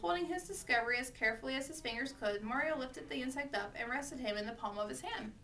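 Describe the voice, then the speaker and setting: A woman reading a children's storybook aloud with steady, expressive narration. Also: high-pitched, quick pace, distant mic, slight background noise. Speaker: reader.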